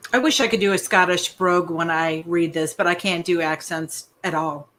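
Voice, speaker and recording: A woman's voice: lowish voice, measured pace, fairly bright tone. A woman hosting a casual live stream, chatting and reading out viewers' questions. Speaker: host.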